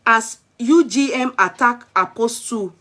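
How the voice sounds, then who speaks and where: A woman's voice: fairly high pitch, a little slow, pushed and bright. A Nigerian woman vlogger chatting live with her viewers, exclamatory and switching between Pidgin and Yoruba. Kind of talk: live-stream chat with viewers.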